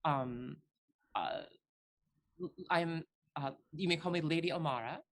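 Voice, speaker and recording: A tabletop player voicing a disguised noblewoman who speaks in a halting, overly formal way. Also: medium pitch, a bit bright. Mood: haughty. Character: pompous disguised noblewoman, lady visitor.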